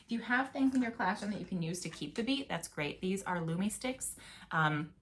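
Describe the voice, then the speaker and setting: A woman's voice: medium pitch, lively intonation, a little fast. A young adult woman, a music teacher, giving a casual, chatty video lesson and chanting rhythm words now and then.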